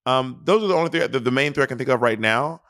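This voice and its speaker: A man's voice: mid-range voice, expressive, fairly bright tone, no room sound, clean studio sound. A man co-hosting a casual review podcast over a video call, teasing and restarting his sentences often. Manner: playful, teasing, halting with many restarts. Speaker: podcast co-host.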